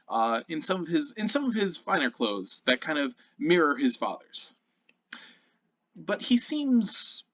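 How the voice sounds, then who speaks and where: Guy running a tabletop game, lively storytelling voice, muffled recording. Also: medium pitch, no room sound. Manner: descriptive and animated, with occasional self-corrections. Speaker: game master.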